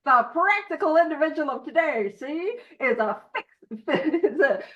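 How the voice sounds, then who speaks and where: Woman putting on a 1940s mid-Atlantic reader, clipped and theatrical, high voice, dull lo-fi audio. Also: lively intonation, measured pace. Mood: mock-formal. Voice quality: clipped theatrical delivery with tag "see?". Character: old-timey 1940s reader, brisk and matter-of-fact.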